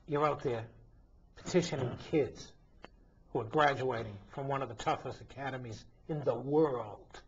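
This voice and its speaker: A man's voice: medium pitch, a little hiss or hum. A male priest hosting a talk show, delivering an emphatic, indignant commentary full of rhetorical questions. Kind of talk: impassioned commentary monologue. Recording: dull lo-fi recording.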